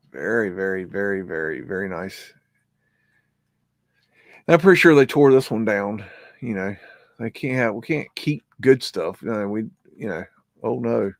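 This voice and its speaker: A man's voice: medium pitch, moderate pace, vocal fry, no echo, studio quality. A man hosting a live stream, rambling casually as he comments on old photos and scolds his dog in between.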